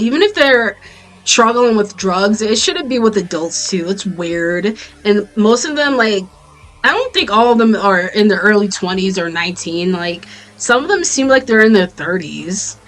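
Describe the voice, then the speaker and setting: A woman's voice: mid-range voice, expressive, moderate pace, a bit bright. A woman with an American accent, chatting casually and bluntly as she recaps a TV show, swearing freely and drifting into tangents. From Jamaican family, raised in the US. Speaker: YouTuber reviewing a TV series. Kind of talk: casual commentary vlog.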